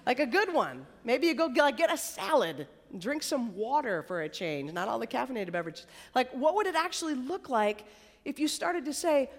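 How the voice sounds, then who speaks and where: A woman preaching a sermon at a college worship service in a conversational, chatty way, sometimes dropping to a soft whisper. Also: sits high, big pitch swings, normal speed, big-room sound. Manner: conversational, chatty, tag questions and "like"; drops to a soft whisper for emphasis. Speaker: campus preacher.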